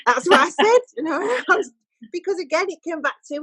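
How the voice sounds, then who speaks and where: A woman, a podcast guest telling a story in casual chat and quoting people in lively voices. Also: extremely high pitch, brisk, no echo, rough recording.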